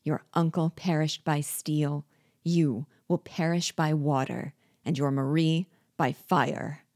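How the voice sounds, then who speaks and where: A bitter, scheming male dwarf and one-time jester gloats over his captive in a low, dry voice, as a woman reads him aloud from a storybook. He speaks slowly and deliberately, savoring each threat. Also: fairly even intonation, a little mellow, no echo, full character voice. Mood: gloating.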